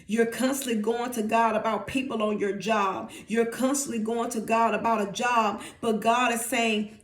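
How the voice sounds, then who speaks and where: A woman's voice: fairly high pitch, steady tone, moderate pace, hardly any pauses, reverberant. A woman preacher delivering an emphatic, repetitive sermon.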